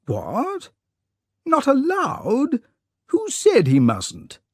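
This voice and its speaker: A flustered elderly English lord, spluttering and indignant, his pitch leaping about as he fires off questions, as a male narrator puts him on. The voice is close and dry, with no echo. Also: huge pitch swings, very slow, exaggerated voice. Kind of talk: audiobook character voice.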